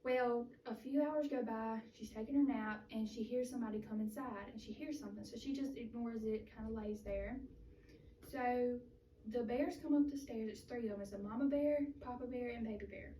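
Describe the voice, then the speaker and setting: A young woman retells a fairy tale in a relaxed, chatty way, stringing clauses together with "so" and "like." Her voice is mellow and fairly high. She is recorded from across a roomy space, with faint noise behind her. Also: normal speed, distant mic. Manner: chatty, loose retelling full of "so" and "like". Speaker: student giving a speech. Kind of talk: casual storytelling speech.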